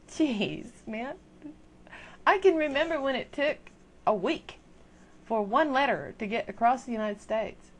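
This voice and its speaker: A woman's voice: a little high, lively intonation, unhurried. An older woman ranting casually into a webcam at home, chatty, exasperated and self-mocking. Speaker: video blogger. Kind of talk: casual rant to camera.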